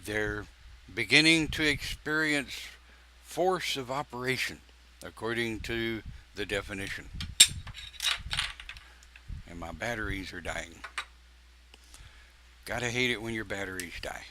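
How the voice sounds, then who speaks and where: An older pagan minister delivers a folksy, informal sermon on a live stream, his lowish voice sounding croaky against a noisy background. He drops in joking asides and lets long pauses hang.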